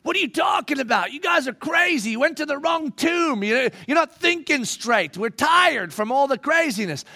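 A man doing scoffing disciples shouting. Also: extremely high pitch, lively intonation, normal speed, gravelly, voice pushed up, exaggerated voice. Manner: shouting, dismissive. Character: scoffing disbelieving male disciples.

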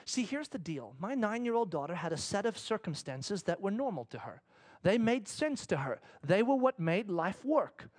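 A pastor from Africa preaching a sermon, telling a story animatedly and acting out its dialogue. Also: male voice, high-pitched, very animated, moderate pace, husky.

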